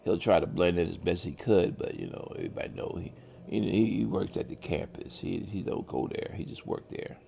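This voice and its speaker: A man's voice: low voice, wildly swooping pitch, moderate pace, gravelly, warm tone, slight background noise. A man casually narrating a horror story in a drawling, colloquial way with loose grammar.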